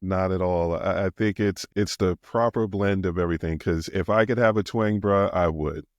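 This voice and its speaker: Deep, smooth-voiced New York man. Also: steady tone, normal speed, no echo, clean studio sound. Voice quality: smooth, radio-style delivery. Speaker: podcast host. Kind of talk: interview hosting.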